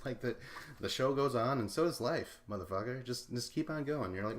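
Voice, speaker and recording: A man's voice: medium pitch, animated, a little fast. A young man hosting a casual solo recap podcast, rambling and swearing, laughing often and acting out imagined dialogue. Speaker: podcast host.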